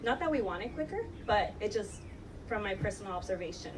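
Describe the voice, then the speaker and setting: A woman's voice: medium pitch, lively intonation, brisk, distant mic, noisy background. A woman host of a live podcast panel, telling stories in a chatty way and laughing often.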